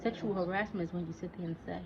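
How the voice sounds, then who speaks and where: A woman's voice: lowish voice, fairly even intonation, racing. A woman in her forties ranting in a casual monologue, profane and heated, talking back at an imagined listener. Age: 40s. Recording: dull lo-fi recording with faint noise.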